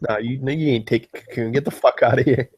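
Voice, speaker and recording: A man's voice: mid-range voice, steady tone, fast talker, darkish tone, breathy edge. Laid-back profane young podcast guy. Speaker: podcast co-host. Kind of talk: casual movie chat.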